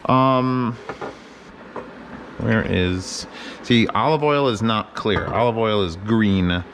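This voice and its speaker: A man's voice: fairly low pitch, slow pace, a bit bright, a little hiss or hum. A man hosting a casual cooking vlog from his home kitchen, rambling and joking with plenty of swearing as he works. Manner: joking, profane, rambling commentary. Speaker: home cook host.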